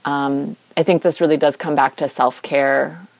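A woman's voice: sits low, steady tone, normal speed, vocal fry, a little mellow, dry recording, rough recording. A young woman talking informally about yoga and spiritual practice, with many fillers and restarts. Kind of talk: reflective spiritual monologue.

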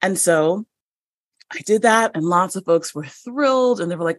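A woman guest on a podcast, a published writer, telling a story in a lively way and acting out the dialogue with small laughs. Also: on the low side, normal speed, dry recording. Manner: animated, acts out dialogue in stories, frequent restarts and light laughs.

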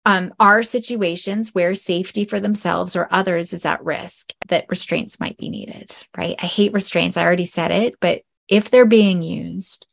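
A woman hosting a solo educational podcast, talking earnestly and often checking in with "right?", sometimes dropping to a soft whisper. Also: lowish voice, steady tone, normal speed, gravelly, few pauses. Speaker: podcast host.

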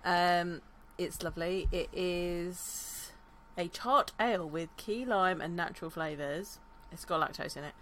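A relaxed woman co-hosting a casual podcast, speaking in an easy, unhurried way. Her voice is on the low side for a woman, with a faint hiss behind it. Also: poor audio. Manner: relaxed, easygoing, brief agreeing replies. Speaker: podcast co-host. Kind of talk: casual chat.

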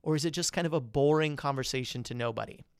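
A man hosting a podcast, giving quick, energetic coaching tips on presenting with melodic, well-placed pauses. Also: medium pitch, gravelly, smooth, no room sound, clean studio sound. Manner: melodic, modulated emphasis. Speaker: podcast host.

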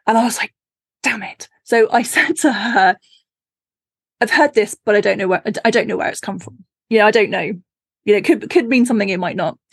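Woman, husky voice, dry sound, animated, chatty. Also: mid-range voice, a little fast, no echo. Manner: animated storytelling, acting out her own reactions, laughs often. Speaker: podcast guest, author. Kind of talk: casual chat. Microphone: remote call.

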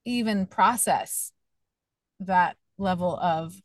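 A woman's voice: lowish voice, slow pace, dry recording. A woman hosting a podcast, talking emphatically and sympathetically, giving advice straight to listeners. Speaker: podcast host. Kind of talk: casual interview chat.

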